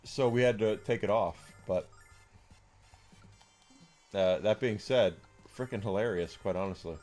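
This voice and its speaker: A man's voice: lowish voice, a little slow, a little mellow, soft background music. A man in his forties chatting casually and outspokenly as a streamer, rambling with many fillers. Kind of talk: casual chat while gaming.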